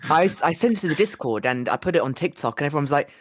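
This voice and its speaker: A man co-hosting a casual podcast chat, telling stories in an excitable, gushing way with lots of restarts. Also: fairly high pitch, racing, dry recording, clean studio sound. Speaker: podcast co-host.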